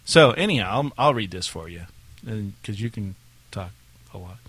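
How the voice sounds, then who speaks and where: Male co-host, low voice, casual rambling podcast chat, dry close mic. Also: animated, moderate pace, fairly bright tone, dry recording. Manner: rambling, restarts, laughs, then reads dramatically. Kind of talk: casual podcast chat, reading a listener email.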